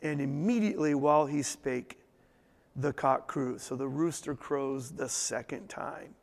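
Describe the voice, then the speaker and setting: A man leading a Bible study in a lively, conversational way, asking his listeners questions as he goes through the text. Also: mid-range voice, a little slow, gravelly, in a large hall. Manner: animated, conversational, asks the group questions. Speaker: Bible teacher.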